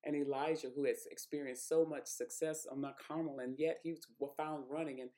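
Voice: medium pitch, steady tone, moderate pace, dark tone. A podcast preacher giving a sermon-style Bible teaching, earnest and sometimes repeating words while searching for the phrasing.

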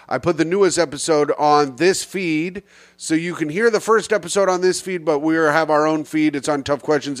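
A young man hosting a comedy podcast, joking and self-mocking in casual banter. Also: a little high. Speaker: podcast host.

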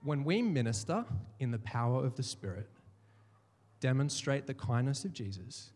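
A pastor with a darkish mid-range voice preaches at a normal speed in a sing-song way, his words echoing in a reverberant hall. His sermon is full of stories, and he performs the voices of the people he quotes.

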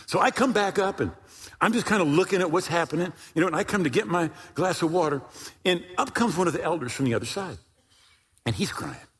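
An older man preaching a sermon as a pastor, telling a story with animated delivery and bursts of shouting. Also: sits high, a little fast, breathy edge. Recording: long hall reverb.

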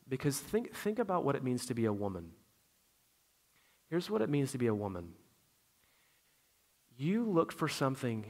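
A middle-aged man preaching a sermon in a conversational way, swinging between loud emphasis and quiet asides. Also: mid-range voice, sing-song, moderate pace, long pauses. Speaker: pastor.

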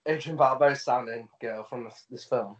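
A man's voice: medium pitch, moderate pace. A man co-hosting a podcast, chatting casually about a film with lots of swearing and laughter. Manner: swearing, laughing, animated storytelling. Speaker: podcast co-host. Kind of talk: casual film review chat. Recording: roomy, distant, dull sound.

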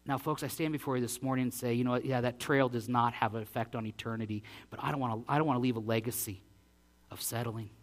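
A man in his forties, a pastor telling a personal story in a sermon, animated and self-deprecating. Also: mid-range voice, quick pace. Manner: animated, self-deprecating, acts out his own breathless lines.

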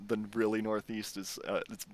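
A Canadian man with a fairly low voice chats loosely on a podcast. He rambles, restarts his sentences and drops casual swears as he goes. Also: flat delivery, moderate pace, darkish tone. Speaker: podcast co-host. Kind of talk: casual chat.

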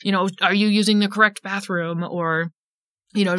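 A woman talking in an earnest, halting way, restarting her sentences as a guest on a casual podcast. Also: mid-range voice, steady tone, sharp tone, no room sound, clean studio sound.

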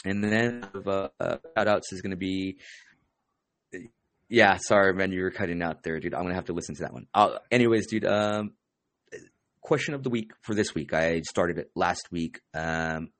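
Deep-voiced laid-back male podcast host. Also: normal speed, fairly bright tone, no room sound. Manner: laid-back, says "dude" a lot, many fillers. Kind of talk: casual podcast chat.

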